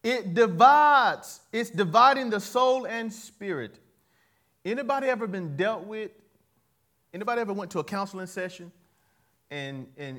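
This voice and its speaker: High-voiced man preaching with call-and-response. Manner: call-and-response preaching, swings from soft asides to loud emphatic lines; playful, laughs at his own jokes. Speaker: pastor. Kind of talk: sermon.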